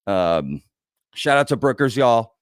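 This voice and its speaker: A man's voice: medium pitch, big pitch swings, slow pace, no room sound, studio quality. A man with an American accent hosting a casual livestream, chatting loosely and reading out viewers' comments. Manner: chatty, reads out viewer comments, says "y'all". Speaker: livestream host.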